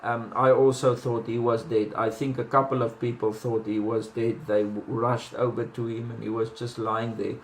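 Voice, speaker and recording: Guy rambling about boxing knockouts, lots of "like", pretty flat voice, echoey room with faint noise. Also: mid-range voice, moderate pace, hardly any pauses. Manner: rambling, filler-heavy, with many restarts and "like". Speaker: boxing commentator. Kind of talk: casual boxing analysis. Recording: roomy echo with faint background noise.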